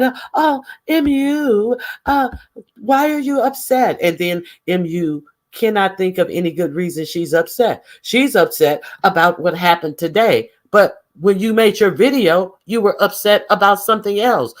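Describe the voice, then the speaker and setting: A man giving casual gossip commentary in a profane, sarcastic, animated way. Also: sits high, moderate pace, few pauses. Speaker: vlogger.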